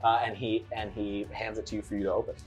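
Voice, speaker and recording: A woman narrating a tabletop game as game master, lively and often laughing. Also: rumbling low, quick pace, faint music behind.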